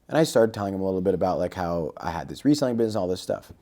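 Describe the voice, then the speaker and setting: A podcast guest with a low voice talks very fast as he tells a casual story. He's a lively anecdote-teller, acting out the quoted dialogue along the way.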